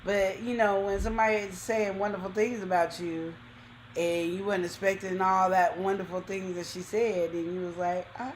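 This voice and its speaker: A woman's voice: medium pitch, normal speed, a little hiss or hum. A woman co-hosting a casual chat show, telling stories animatedly and repeating her punchlines. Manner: animated storytelling with repeated phrases. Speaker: co-host.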